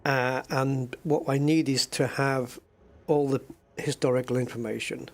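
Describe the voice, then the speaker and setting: Mid-range in pitch, steady in tone and a little slow, this man is live-streaming a space game. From his home desk with a joystick he chats casually, addresses viewers as "guys," and thinks aloud, humming to himself as he waits.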